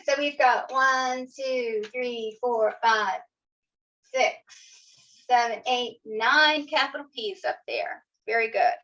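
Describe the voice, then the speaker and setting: A woman leads young children through a phonics lesson, speaking slowly and sounding out each letter with patient encouragement. Her voice is bright and fairly high. The audio is a little dull and lo-fi. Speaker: kindergarten teacher. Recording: slightly dull lo-fi video audio.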